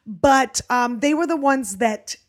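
A woman's voice: sits high, slow. A woman comedian co-hosting a casual podcast, telling stories and acting out people's voices. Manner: animated storyteller, acts out voices. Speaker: comedian co-host.

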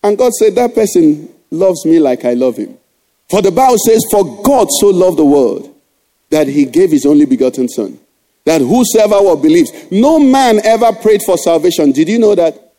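A man's voice: high-pitched, animated, moderate pace, mellow. A middle-aged male pastor preaching a sermon, exhorting the congregation with rhetorical questions.

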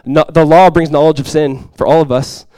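A male pastor preaching a sermon to his congregation, swinging from loud, impassioned lines to quiet, soft ones. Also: on the high side, fairly even intonation, normal speed, clear, resonant tone, no room sound. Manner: impassioned preaching, swells loud for quoted cries then drops soft. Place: church sanctuary before a congregation.

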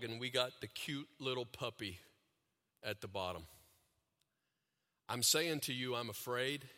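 A man preaching a sermon, talking to the audience with questions and repeated phrases, and growing louder and higher when he gets animated. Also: long reverb tail. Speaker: pastor.

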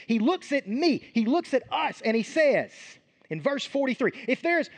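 A male pastor giving a sermon in a conversational way, acting out Bible scenes as he tells them. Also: extremely high pitch.

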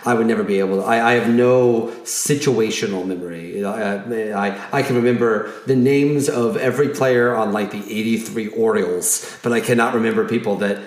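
A man's voice: lowish voice, fairly even intonation, brisk, few pauses. Middle-aged man in an echoey room. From Southern Illinois. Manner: rambling, many restarts and fillers. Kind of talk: casual chat.

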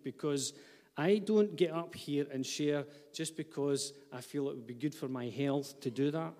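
A man delivers a sermon with a voice pitched a little above most men's. He preaches earnestly, slipping in light asides to the congregation. His words ring out with a long hall echo. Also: moderate pace, a little mellow. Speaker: pastor. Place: church hall.

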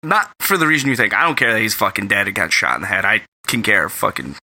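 A man's voice: fairly low pitch, lively intonation, fast talker, pushed and bright. A man co-hosting a podcast in casual chat, ranting bluntly with lots of swearing. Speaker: podcast co-host.

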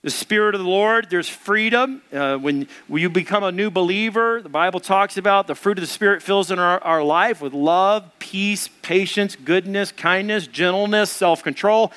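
A male pastor preaching an animated sermon, acting out the voices of the people in the story as he goes. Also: high-pitched, moderate pace, hardly any pauses, smooth.

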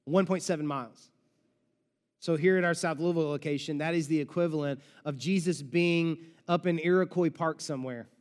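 A male pastor preaching a sermon with animated storytelling and dramatic pauses, in a large church auditorium. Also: on the high side, in a large hall.

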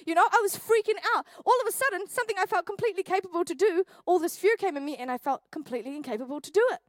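A young woman, preaching a church sermon and telling a funny personal story with animated, jokey delivery. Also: very high voice, racing, few pauses, dry recording. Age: 20s. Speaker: youth pastor. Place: church hall.

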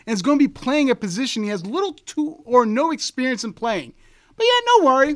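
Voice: medium pitch, a bit bright. A sports talk co-host ranting sarcastically and in exasperation about a football team's offseason. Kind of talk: sarcastic fan rant on football.

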